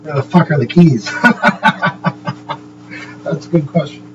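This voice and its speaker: A man's voice: a little high, quick pace, distant mic, lo-fi sound, over music. A man chatting loosely on a livestream, swearing constantly and chuckling between sentences. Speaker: livestream host. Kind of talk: rambling casual chat. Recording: steady hum in the background.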